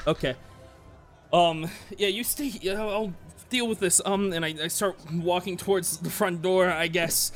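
A man plays a tabletop game in a fairly high voice. He sounds flustered and hesitant, with many fillers. Faint music sits behind him. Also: fairly even intonation, normal speed, fairly bright tone. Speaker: player. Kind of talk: casual tabletop role-play.

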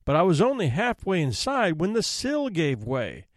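A cheeky, self-pitying thief with a limp pleads his case in a slightly raised, lively voice, put on by a male storyteller. The delivery swings up and down, recorded close and dry. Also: high voice, normal speed, no echo. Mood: brazen. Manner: brazen, self-pitying complaint. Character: smug limping male thief demanding justice.

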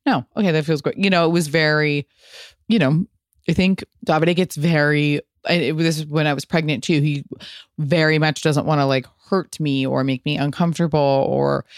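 A woman podcast host in her thirties talks through listener questions in a frank, swearing, lively chatty way. Her voice is smooth and clear, recorded dry and close with no room sound. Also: low voice, no echo. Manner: candid, profane, animated storytelling. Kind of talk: casual solo podcast answering listener questions.

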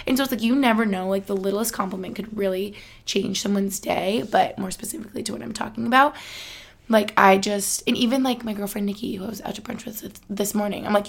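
A woman's voice: mid-range voice, fairly even intonation, fast, gravelly. A young woman in her twenties hosting a podcast, chatting in a casual, upbeat way with lots of "like" fillers and frequent laughter. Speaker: podcast host. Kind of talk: casual chat.

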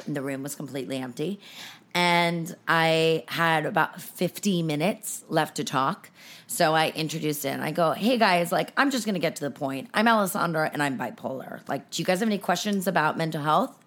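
A young woman with a notably low voice talks candidly on her podcast. She is open and emotional, and her voice sits close to tears as she shares personal stories. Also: expressive, moderate pace. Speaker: podcast host. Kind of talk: casual chat.

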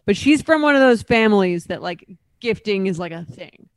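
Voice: medium pitch, lively intonation, normal speed, smooth, no room sound. Podcast co-host reading a listener email. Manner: conversational, reads aloud with wry asides.

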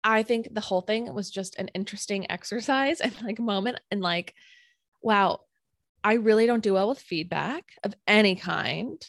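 A young woman co-hosting a podcast, telling a story in a casual, animated way, full of fillers and acted-out quotes. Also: mid-range voice, moderate pace, no room sound. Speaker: podcast co-host.

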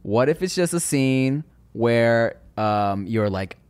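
A man co-hosting a podcast, asking playful hypothetical questions in an animated, joking way. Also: medium pitch, slow pace, smooth, no echo. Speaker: podcast co-host. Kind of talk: casual chat.

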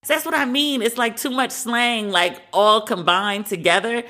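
A woman's voice: fairly high pitch, measured pace, hardly any pauses, pushed and bright. A woman hosting a podcast, giving her frank opinions in a casual, conversational way. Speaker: podcast host.

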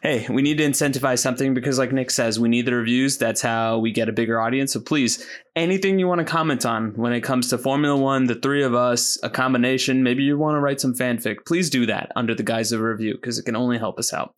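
A man's voice: medium pitch, fast. A man co-hosting a casual podcast chat, joking and rambling with a self-mocking streak. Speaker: podcast co-host.

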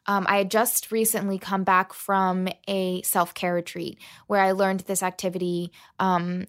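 A woman, a podcast guest, telling a personal story in an interview, animated and full of "like" fillers. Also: mid-range voice, measured pace, few pauses, clear, resonant tone.

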